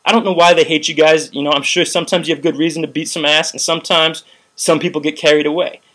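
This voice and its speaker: Young male vlogger, heated profane rant, rambling "like"s, slightly high voice. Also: level tone, fast, sharp tone. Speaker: vlogger recounting a protest. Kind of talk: ranting video commentary.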